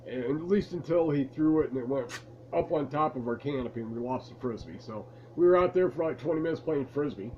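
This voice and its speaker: A man with a medium-pitched, expressive voice tells a rambling, amused story to camera at a fairly quick clip, laid-back as he recalls his past for his vlog. He sits in a lamp-lit room at home, and the recording is muffled with a little hiss or hum.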